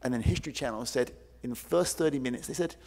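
Animated man telling stories on stage. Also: medium pitch, quick pace. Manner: animated, acts out quoted voices, many fillers. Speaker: keynote speaker. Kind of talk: conference keynote storytelling. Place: large conference hall. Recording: long hall reverb.

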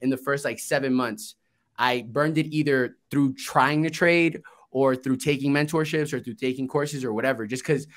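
A man who grew up in Florida, in the United States, appears as a podcast guest and tells his story as an investing entrepreneur in a laid-back, casual interview. He swears freely and acts out what people said. His voice is medium pitch, fairly even in intonation, at a moderate pace.

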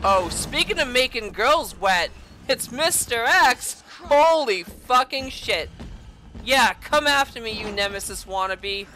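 A woman's voice: on the high side, animated, measured pace. A young woman giving crude, jokey let's play commentary on a horror game, swearing often and yelping when startled. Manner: yelps and shouts when startled. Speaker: gamer playing a horror game.

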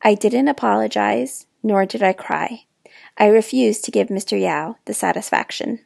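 Gravelly woman reading a children's book aloud. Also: medium pitch, normal speed, no echo, clean studio sound. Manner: expressive first-person narration, with dramatic hushed moments. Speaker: storyteller.

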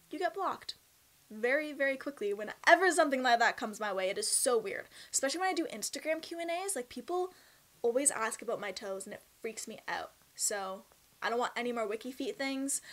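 Bubbly young Canadian woman vlogger with a Canadian accent, high bright voice, expressive casual delivery. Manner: bubbly, chatty and expressive, with laughs and emphatic swings. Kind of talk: casual Q&A vlog.

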